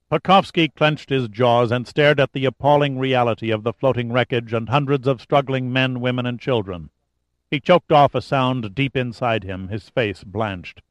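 A man giving a steady, dramatic narration of a thriller audiobook. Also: medium pitch, moderate pace, no echo. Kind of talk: scripted narration.

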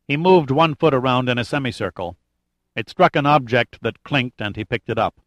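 A man narrating an adventure audiobook in a steady, measured way with light drama. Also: mid-range voice, no room sound. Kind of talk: scripted narration.

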